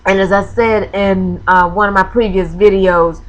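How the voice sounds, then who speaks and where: A woman's voice: mid-range voice, steady tone, normal speed, rough recording. A woman vlogger telling a personal story, hesitant and full of ums and self-corrections, close to tears as she talks. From Florida. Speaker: crafting vlogger.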